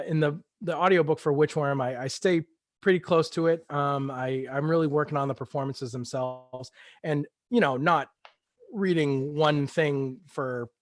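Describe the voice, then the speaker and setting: A man's voice: mid-range voice, no room sound. A man, a guest author, reading his own fiction aloud and then chatting in a casual, self-deprecating way from his home studio.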